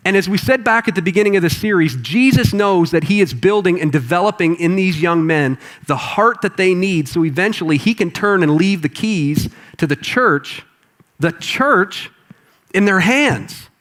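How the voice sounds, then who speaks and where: A man preaching a sermon to a congregation in a conversational, animated way. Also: high voice, normal speed. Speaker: pastor. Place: church auditorium with congregation.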